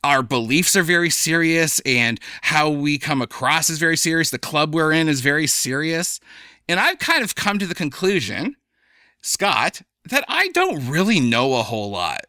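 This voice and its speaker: A young adult man, a comedian guest on a podcast, talking in an animated, chatty way. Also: a little high, moderate pace, no echo, studio quality. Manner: animated, chatty, slips into playful voices for examples. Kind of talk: casual podcast conversation.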